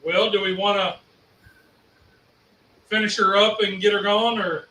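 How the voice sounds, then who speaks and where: A man's voice: high voice, fairly even intonation, unhurried, bright, forceful tone. A man co-hosting a casual cooking stream, making easygoing remarks from a distance in an echoey room. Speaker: co-host cook. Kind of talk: casual live cooking chat.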